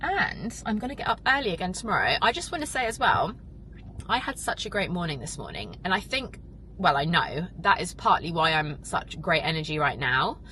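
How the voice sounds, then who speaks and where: A young woman chatting to her camera, gushing and a little emotional, rambling through fillers as she talks. Her voice sits low but sounds bright and forceful. A faint hiss of noise runs underneath. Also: big pitch swings, moderate pace, rough recording. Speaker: vlogger and podcast host. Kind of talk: casual vlog chat to camera.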